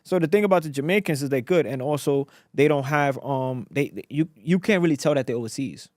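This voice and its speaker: A man from Africa, a guest entrepreneur in a casual podcast interview, telling stories in a slangy, animated way with lots of repetition. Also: medium pitch, a little fast, dry recording, studio quality.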